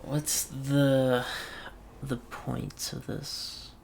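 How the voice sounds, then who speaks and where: Slow, gravelly man thinking aloud. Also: medium pitch, level tone, darkish tone, slight background noise. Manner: thinking aloud, wry self-talk. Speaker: let's play gamer. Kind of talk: puzzle game commentary.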